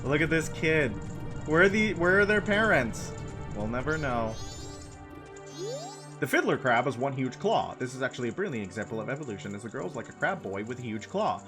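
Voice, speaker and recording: A man's voice: mid-range voice, expressive, fairly quick, music in the background. A man streaming a video game, chatting casually with his audience in a playful, giggly way and repeating phrases for laughs. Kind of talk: casual commentary while playing.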